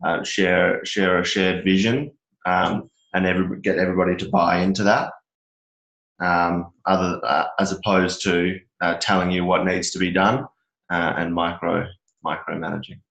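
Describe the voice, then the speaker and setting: A man giving a halting share in a meeting check-in over a video call, with many restarts and fillers. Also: low-pitched, little pitch movement, gravelly, a bit bright, echoey room, rough recording. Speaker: team member in a check-in.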